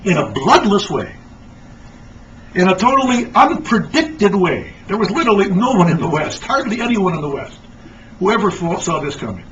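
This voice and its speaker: A man speaking as a lecturer, animated and emphatic as he tells stories. His voice is high for a man. The sound is muffled and distant, with faint noise. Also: normal speed. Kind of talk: lecture talk.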